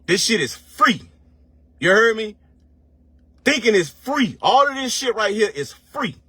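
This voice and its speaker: With a high, sharp, slightly rough voice and big swings in pitch, this online commentator preaches a profanity-laced motivational rant. The recording has no room sound, and he leans on slang, rhetorical questions, and drawn-out words.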